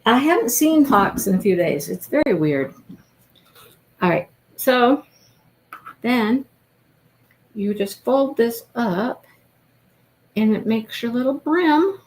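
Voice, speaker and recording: A woman's voice: a little high, lively intonation, takes it slowly, pauses often, a little mellow, rough recording. A woman hosting a casual crochet-along livestream, gushing over her work and thinking aloud as she follows along.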